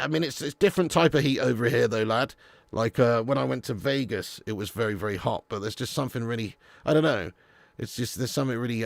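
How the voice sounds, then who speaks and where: A man's voice: mid-range voice, creaky, fairly bright tone, no room sound, clean studio sound. A man hosting a live football fan stream, talking bluntly and casually, swearing and calling viewers "lad" and "mate". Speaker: football channel host.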